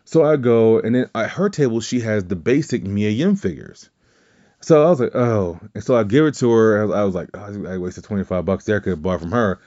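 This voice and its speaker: A man's voice: on the low side, lively intonation, brisk, warm tone. A man co-hosting a podcast, telling a rambling anecdote in a casual chat, often correcting himself and swearing offhand. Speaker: podcast co-host. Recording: dull lo-fi audio.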